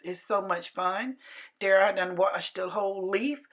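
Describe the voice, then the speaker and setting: A woman's voice: mid-range voice, a little slow, a bit bright, low-quality recording. A woman, narrating her home cooking video in a homey, repetitive way. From Carolina, US. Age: 60s. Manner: homey, repeats herself, folksy grammar. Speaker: home cook.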